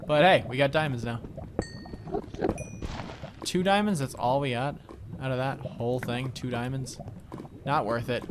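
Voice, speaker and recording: A young man with a medium pitch speaks a little slowly and pauses often as he comments on his video game, telling rambling stories with lots of fillers. He's a let's play commentator. The home recording carries audible background noise and clicking.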